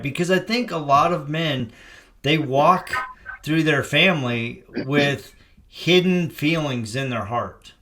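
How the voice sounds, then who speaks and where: Reflective middle-aged man, higher voice. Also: slow, a little hiss or hum. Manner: warm, reflective, preacher-like emphasis. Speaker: podcast host. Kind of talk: casual conversation.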